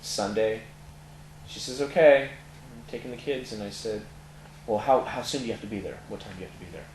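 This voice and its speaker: Speaking briskly in a lowish voice, a middle-aged tattoo parlor owner from California gives a candid personal testimony in an interview, using many fillers. The room is echoey, with faint background noise.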